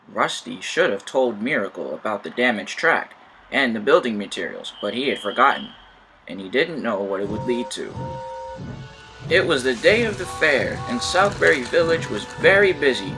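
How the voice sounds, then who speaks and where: A man reading a children's train story with a lively, sing-song rise and fall. Clear background music plays under his narration. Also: medium pitch, moderate pace. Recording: voice over loud music.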